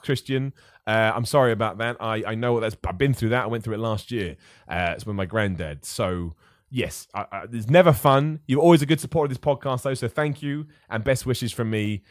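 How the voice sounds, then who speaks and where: An upbeat man hosts a live podcast and chats casually through viewer questions. His voice swings freely up and down. The sound is close and dry, with no room echo. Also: mid-range voice. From England. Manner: chatty, upbeat, reads viewer questions aloud. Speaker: podcast host. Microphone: studio microphone.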